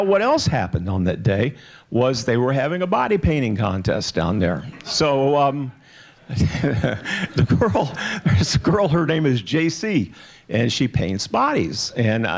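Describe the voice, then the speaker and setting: Man in his sixties, keynote speaker, gravelly voice, candid and joking, animated pitch. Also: unhurried. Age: 60s. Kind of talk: conference keynote speech.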